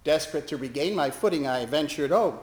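A man's voice: a little high, moderate pace, roomy sound. A man, a chaplain, telling a personal story as a monologue with wry, self-deprecating humor. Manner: self-deprecating, wry, lively delivery with laughs.

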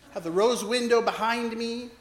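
A man's voice: extremely high pitch, a little slow, roomy sound, a little hiss or hum. A man preaching a sermon as a priest, telling a story with wry, self-deprecating humor.

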